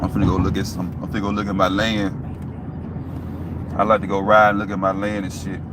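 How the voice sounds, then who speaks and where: A man talks straight to his viewers, loose and profane, pushing them to stay focused and keep going. He keeps circling back to "you know what I'm saying." His voice comes through an outdoor recording with traffic and city noise clearly audible behind him. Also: low voice. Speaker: YouTube vlogger. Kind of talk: casual motivational talk to viewers.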